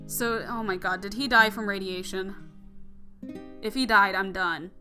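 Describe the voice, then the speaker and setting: A woman's voice: mid-range voice, measured pace. Gushing, emotional young woman gamer. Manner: expressive, gushing reactions. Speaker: let's play host. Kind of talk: emotional gameplay commentary. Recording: music playing underneath.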